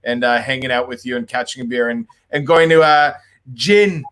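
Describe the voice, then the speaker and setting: A man's voice: medium pitch, normal speed, fairly bright tone, clear, resonant tone. A man hosting an interview over a video call, chatting in a playful, upbeat way. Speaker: host. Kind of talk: casual interview chat.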